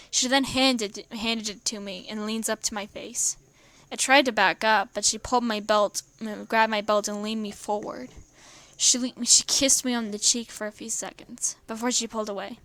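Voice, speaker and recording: A woman's voice: fairly high pitch, normal speed, bright, forceful tone, dry recording. Woman reading a story, stumbling. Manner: stumbling, often correcting herself mid-word. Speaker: fan fiction reader. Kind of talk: reading a fan story aloud.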